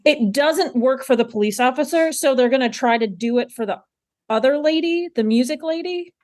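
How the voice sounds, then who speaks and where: A woman's voice: high-pitched, moderate pace, a little mellow. A woman co-hosting a podcast, reacting to a TV episode in gushing, chatty talk full of "like". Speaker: podcast co-host. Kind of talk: casual chat recapping a TV episode.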